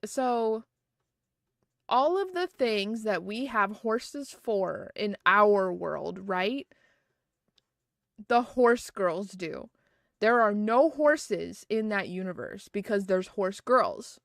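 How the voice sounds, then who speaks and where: Chatting casually on a live stream at home, a woman speaks into a close desk mic. Her middle-pitched voice sounds dry and close, with no room around it and no echo. She rambles happily, full of "like" and "um," and giggles often.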